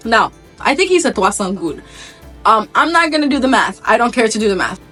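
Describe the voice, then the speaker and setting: Chatty female storyteller, casual, with many asides, fairly high voice. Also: big pitch swings, a little fast, sharp tone, slightly rough, soft background music.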